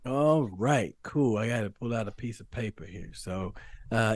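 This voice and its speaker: A man, a former pro football receiver, tells stories on a podcast with lots of laughter and sudden jumps in pitch. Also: moderate pace, no room sound. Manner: animated storyteller, laughs often, sudden rises in pitch. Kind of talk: casual podcast chat and storytelling.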